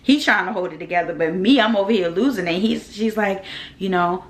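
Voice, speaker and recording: A young woman with features talks straight to her camera in a casual vlog. She tells a personal story in an animated way, her voice heating up as she acts out what people said. Her pitch sits in a middle range. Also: moderate pace. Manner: animated, heated retelling with lively quoted rants. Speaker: vlogger.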